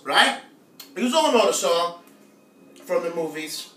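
A man's voice: high voice, expressive, a little slow, long pauses, sharp tone. Playful man chatting in an echoey kitchen. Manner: playful, jokey, chatty with viewers. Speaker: home cooking live-stream host. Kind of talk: casual live cooking chat. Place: home kitchen. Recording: echoey room, mic at a distance, music playing faintly.

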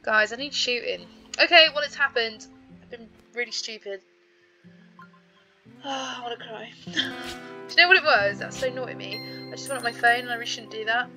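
A woman's voice: fairly high pitch, a little fast, over music, low-quality recording. A young British woman giving chatty, giggly commentary to her viewers as she plays a horse game. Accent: British English. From Britain. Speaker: gaming YouTuber. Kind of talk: casual gameplay commentary.

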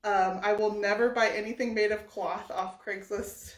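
A woman's voice: mid-range voice, steady tone, normal speed, echoey room, low-quality recording. A woman telling a story casually while she works on furniture, chatty and laughing often. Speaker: furniture painting vlogger.

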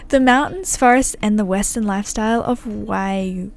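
A woman's voice: medium pitch, moderate pace, creaky, close to an everyday voice. A woman reading aloud the lines of a friendly male Western ranch hand from a game, in a folksy, welcoming manner.

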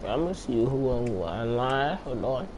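A man's voice: mid-range voice, animated, normal speed. Young man, casual game commentary, slangy and profane, mid-range voice, faint background hiss. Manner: slangy, profane, talks to himself while playing. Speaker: gameplay commentator.

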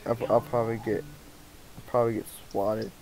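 A man's voice: lowish voice, flat delivery, normal speed, darkish tone, soft background music, rough recording. A young man chatting with friends on a close mic, giggling and egging them on. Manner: giggly, eggs the others on. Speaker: streamer. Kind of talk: casual chat with friends. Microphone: mic too close.

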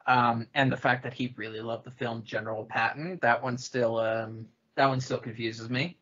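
A man with a bright, forward voice chats on a podcast and reads review passages aloud. He jokes and adds playful asides between the quotes. The recording sounds dull and lo-fi. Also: mid-range voice, level tone, moderate pace. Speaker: podcast co-host. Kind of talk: casual chat, reading reviews aloud.

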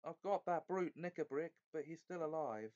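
A man's voice: on the high side, normal speed, a little mellow, lo-fi sound, voice pushed up, natural voice. A man doing a breathless young schoolboy. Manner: breathless, polite. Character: young English schoolboy, plucky but shaken.

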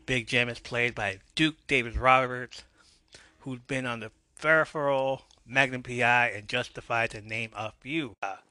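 A man's voice: mid-range voice, moderate pace, pushed and bright, dry recording. A man hosting a podcast, casually recapping a TV episode with wry asides. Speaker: podcast host.

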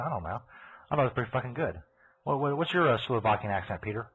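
This podcast host's voice is mid-range, husky, and animated, moving at a quick clip. He delivers a profane, sarcastic live rant, and the sound is thin and phone-like.

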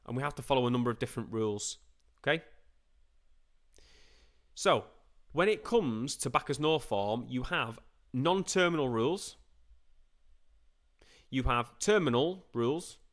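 A man with a middling-pitched, slightly bright voice teaches a computer science revision class on a live stream. He's chatty and informal, posing questions to listeners and answering them himself, with occasional playful put-on voices and quick asides.

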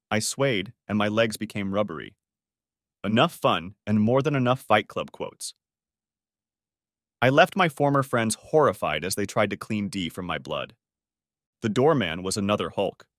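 A man narrates a first-person audiobook story in a fairly low voice. His reading is dramatic and swings widely in pitch as he tells it. The recording is dry, with no room sound. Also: expressive, normal speed, long pauses, a bit bright, dry recording.

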